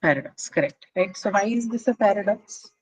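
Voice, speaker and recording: A woman's voice: medium pitch, expressive, a little fast, breathy edge, dry recording, low-quality recording. A woman teaching a class, explaining figures of speech patiently and checking that students follow. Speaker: English literature teacher. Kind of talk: classroom lecture.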